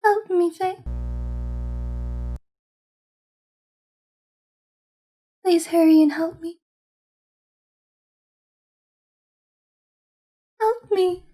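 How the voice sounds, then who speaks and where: A woman voicing a sweet, intense teenage girl who is a club president, reading game dialogue softly and affectionately. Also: extremely high pitch, normal speed. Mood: desperate. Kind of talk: reading visual novel lines aloud.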